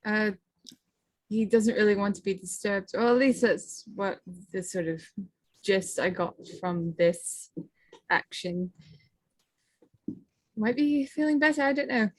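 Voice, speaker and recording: A woman's voice: mid-range voice, unhurried, long pauses, no room sound. A woman playing a tabletop role-play, chatting in a giggly, playful way. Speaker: player. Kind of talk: casual chat in a tabletop game.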